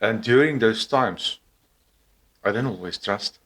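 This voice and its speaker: Non-native English-speaking man, low-ish voice, very slow, halting encouraging monologue. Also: a bit bright. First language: not English. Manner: hesitant, with many pauses and fillers. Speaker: vlogger. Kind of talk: casual encouraging talk to camera.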